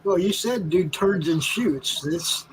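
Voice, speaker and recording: A man's voice: sits high, slow pace. Wry man at a game table, noisy line. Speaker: player.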